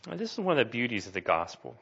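Pastor guy preaching, bright forceful voice, kinda dull muffled recording, gets real emphatic. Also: medium pitch, huge pitch swings, rapid-fire, slightly rough. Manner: earnest, rising to emphatic declarations. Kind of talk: sermon. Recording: dull lo-fi sound.

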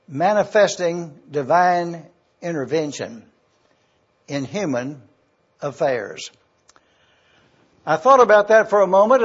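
A man preaching a sermon, slow and deliberate as he teaches from Scripture and spells out words. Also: sits high, slightly rough, lo-fi sound. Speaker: pastor.

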